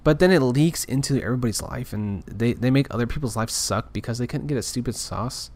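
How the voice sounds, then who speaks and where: Fairly quick and mid-range with a darkish tone, this male podcaster delivers a frustrated, casual monologue, rambling and repeatedly starting over.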